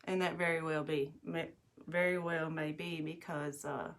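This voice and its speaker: A woman's voice: low voice, flat delivery, normal speed. A middle-aged woman, telling stories in a rambling, chatty way to viewers while doing her makeup at home. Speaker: livestream host. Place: bathroom at home.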